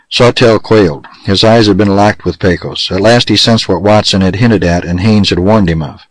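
Male audiobook narrator, low voice, dry close recording, steady western storytelling. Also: normal speed, hardly any pauses, no echo, poor audio.

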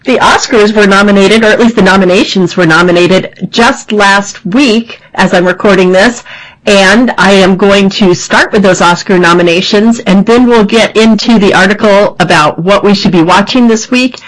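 A woman's voice: mid-range voice, normal speed, low-quality recording. Woman volunteer reader introducing a magazine. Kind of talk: reading a magazine aloud on radio.

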